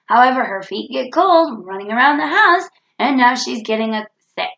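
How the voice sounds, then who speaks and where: Woman, has a cold, earnest self-help vlog, gravelly fry, echoey room. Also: on the high side, lively intonation, normal speed, a bit bright, lo-fi sound. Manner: earnest, preachy, repeats key phrases. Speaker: vlogger.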